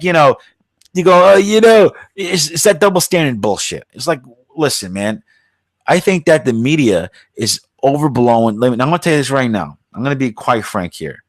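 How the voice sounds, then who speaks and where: A man's voice: mid-range voice, no echo. A man hosting his own podcast, ranting bluntly and swaggering with heavy swearing. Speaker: podcast host. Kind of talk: profane casual rant.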